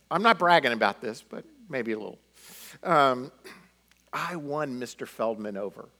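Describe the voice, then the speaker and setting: A middle-aged man telling personal stories in a conversational sermon, animated and full of fillers. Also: medium pitch, unhurried. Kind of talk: sermon storytelling.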